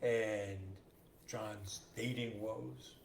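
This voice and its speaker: A man's voice: lowish voice, very slow, gravelly. A man co-hosting a podcast, telling jokes in casual banter and acting out the characters in them. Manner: animated storyteller who acts out joke characters. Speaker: podcast co-host. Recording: roomy echo with faint hiss.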